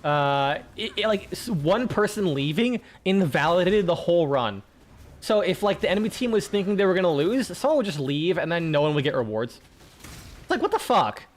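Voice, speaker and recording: A man's voice: high voice, lively intonation, fairly quick. A young man streaming a game and chatting casually, rambling with frequent restarts and plenty of swearing. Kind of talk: casual gaming chat.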